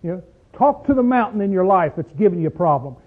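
A man's voice: high-pitched, sing-song, quick pace. A man preaching a sermon in a folksy, emphatic way with a Southern US accent, often asking his listeners questions. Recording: tinny phone-like recording.

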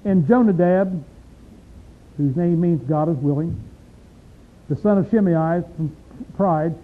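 A man preaches in a homely, talk-to-you way, firing questions at his listeners. His voice sits high, and the recording is thin and tinny, like a phone line. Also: slow. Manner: folksy, conversational, asks the listeners questions. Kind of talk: sermon.

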